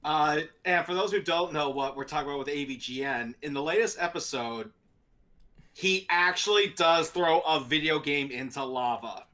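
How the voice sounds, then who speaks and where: A talk show host telling a story in a casual, animated way and laughing often. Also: medium pitch, normal speed.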